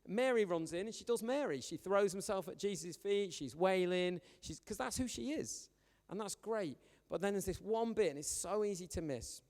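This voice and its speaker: Guy preaching to young people, chatty and animated, kinda high voice, long echo off the hall. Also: moderate pace. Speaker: youth pastor. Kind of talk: informal storytelling sermon. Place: church hall.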